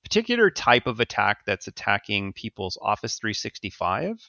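A man's voice: lowish voice, sing-song, moderate pace, vocal fry, bright, forceful tone, no echo, highs cut off. A man co-hosting a podcast, explaining security news casually with fillers and easy laughs. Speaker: podcast co-host.

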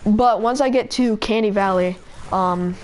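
A young woman chats through a live game stream in a loose, rambling way, filling every pause with "like" and poking fun at herself. Her voice sounds slightly hoarse, and a faint hiss with clicks runs under the recording. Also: medium pitch, a little mellow. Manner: rambling, self-mocking, peppered with "like". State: voice going hoarse and odd. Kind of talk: casual live-stream chatter while gaming.

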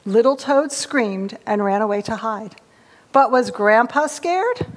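Woman, children's time leader, high voice, long church reverb. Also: a little slow. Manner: bright, animated storytelling to children. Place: church, sitting on the steps.

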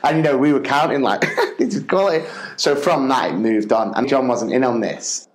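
A man's voice: mid-range voice, moderate pace, reverberant, poor audio. A man co-hosting a podcast, telling a school anecdote casually and laughing often as he goes. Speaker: podcast co-host and teacher. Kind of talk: casual storytelling.

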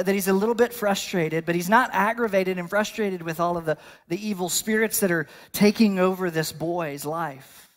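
A male pastor delivering a sermon in a conversational style, building to bursts of emphasis. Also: sits high.

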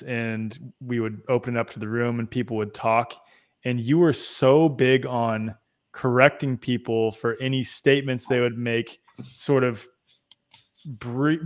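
Thoughtful man hosting an interview. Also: mid-range voice. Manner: thoughtful, hesitant, restarts while framing questions. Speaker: podcast host. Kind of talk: interview questions.

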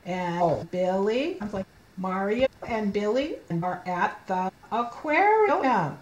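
A woman teaching young children to read, sounding out letters slowly and cheering them on through a read-aloud lesson. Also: mid-range voice, big pitch swings, roomy sound, low-quality recording. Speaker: reading teacher.

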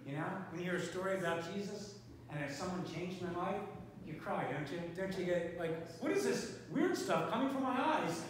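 A man speaking as a pastor, giving casual announcements and a short sermon, chatty and rambling with lots of fillers. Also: fairly high pitch. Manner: conversational, rambling with many fillers. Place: church sanctuary. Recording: echoey sanctuary from a distance, faint noise.

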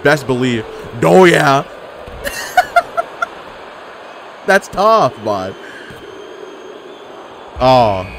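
Young male gaming commentator, lively pitch, sarcastic trash talk, faint background noise. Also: very slow, long pauses. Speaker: gaming YouTuber. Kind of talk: live gameplay commentary.

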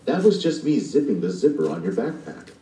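A man's voice: medium pitch, very animated, brisk, dark tone, echoey room, distant mic, a little hiss or hum, pitched above the performer's own voice, close to an everyday voice, rough recording. A man voicing a spirited, bossy young girl who is a big sister, in a storybook reading. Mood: playful.

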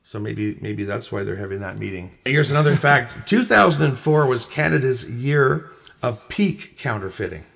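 A man's voice: mid-range voice, lively intonation, normal speed, vocal fry, fairly bright tone. A man co-hosting a casual talk show, reading out facts and list items and chuckling often. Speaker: co-host.

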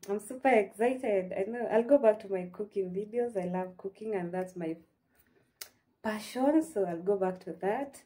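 A woman's voice: medium pitch, normal speed, dark tone. A woman with a Kenyan accent chatting to her viewers in a casual, heartfelt vlog, dropping in Swahili phrases. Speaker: vlogger. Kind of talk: casual chat to camera.

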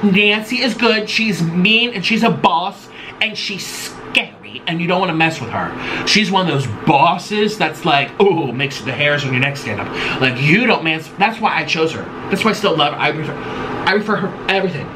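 A man's voice: on the high side, animated, normal speed, noisy background. A man hosting a casual cooking and eating vlog from his home kitchen, talking in a dramatic, sassy, rambling way. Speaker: vlogger host.

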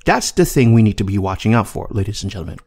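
A man's voice: on the low side, very animated, fast, vocal fry, a little mellow, husky. A man hosting a casual commentary podcast, talking emphatically with repeats and swearing. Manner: emphatic, repetitive, profane. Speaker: podcast host.

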